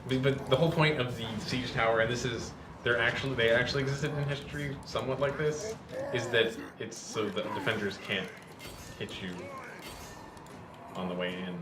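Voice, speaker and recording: A man's voice: mid-range voice, normal speed. A man casually chatting and joking while playing a strategy game, laughing easily. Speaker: let's play host. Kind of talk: casual gameplay chat. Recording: echoey room with noise.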